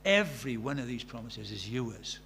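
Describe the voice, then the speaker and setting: Speaking at normal speed, a very animated sixties-aged man preaches in a creaky, fairly bright mid-range voice. His earnest sermon has storytelling asides and mounts to fervent emphasis, with a faint hum underneath.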